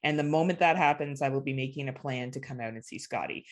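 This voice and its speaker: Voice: mid-range voice, fast talker. A speaker from Ontario, Canada co-hosting a casual chat, teasing and chatty, often talking over the other host. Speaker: podcast co-host.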